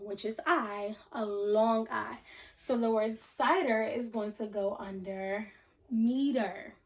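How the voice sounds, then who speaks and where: A woman teaching a reading lesson to children, speaking slowly and deliberately, breaking words into syllables and checking in with the class. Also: on the high side. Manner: repeats sentences and checks in with the class.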